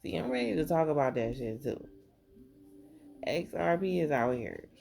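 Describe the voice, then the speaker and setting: A woman's voice: low-pitched, sing-song, normal speed, vocal fry, darkish tone. A woman tarot reader doing a casual reading, rambling, thinking aloud and swearing freely.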